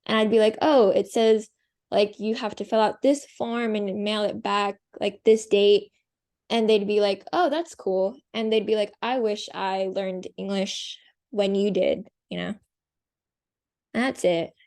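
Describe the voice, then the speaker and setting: A woman's voice: mid-range voice, steady tone, a little slow, darkish tone. A young woman student commenting in a class on a video call, talking casually with many fillers.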